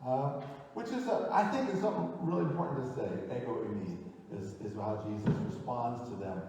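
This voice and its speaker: Distant echoey pastor preaching in a church. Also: male voice, animated, fairly quick, a little hiss or hum. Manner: conversational, thinks aloud with restarts, drops low and quiet on key phrases. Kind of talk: sermon. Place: church sanctuary. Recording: echoey church hall, distant mic, dull and lo-fi.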